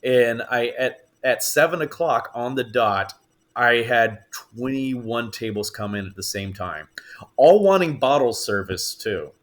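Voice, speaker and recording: Guesting on a podcast, an actor tells stories in casual conversation, performing the quoted voices of the people involved with real animation. His voice is medium pitch and his pace a little slow.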